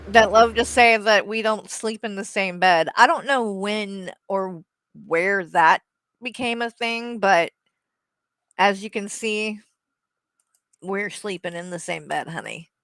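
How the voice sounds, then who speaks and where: A woman with a drawl chats at a slow, easy pace, switching between baby talk for her dog and casual cursing. Her voice sits close to the mic in a dry, dead-sounding room. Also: mid-range voice, a bit bright, no echo. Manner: chatty, swearing, cooing over her dog. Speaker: co-host of a streaming show. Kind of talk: casual chat on a livestream.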